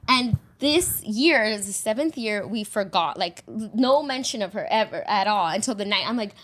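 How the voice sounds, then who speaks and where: A woman's voice: medium pitch, animated, moderate pace, fairly bright tone. A young adult woman on a casual podcast, talking candidly and from the heart, with many "like" fillers.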